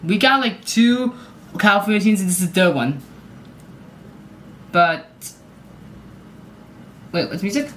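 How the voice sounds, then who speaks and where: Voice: medium pitch, expressive, unhurried, pauses often, fairly bright tone, a little hiss or hum. Rambling, apologetic casual vlogger. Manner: rambling, self-apologetic, often unsure; hums along to clips. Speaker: video creator ranking sports goal horns.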